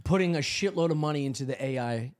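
A man's voice: medium pitch, fast talker. A man co-hosting a comedy podcast, rambling in crude, joking chat. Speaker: podcast co-host.

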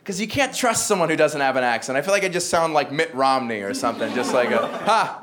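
A man's voice: medium pitch, expressive, fast, a bit bright. A man from the American South with no regional accent, doing a stand-up set in a dry, self-mocking delivery. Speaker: stand-up comedian. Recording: live show with audience laughter. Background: crowd laughter.

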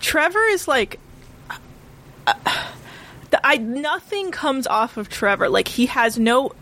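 A woman's voice: high voice, big pitch swings, slow, bright, forceful tone. Woman bluntly dismissing a contestant. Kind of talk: casual chat.

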